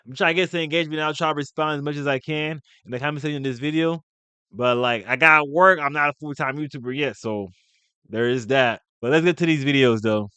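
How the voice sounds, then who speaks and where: A man's voice: mid-range voice, fairly quick, bright, forceful tone, smooth, dry recording. A man giving blunt, slangy commentary in a casual reaction video. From United States.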